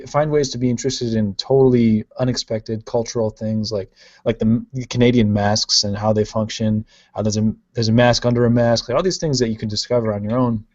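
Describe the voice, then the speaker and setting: A man from Ohio hosting a live-stream podcast, casually chatting and playfully reading out viewer comments. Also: lowish voice. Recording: dull lo-fi stream audio.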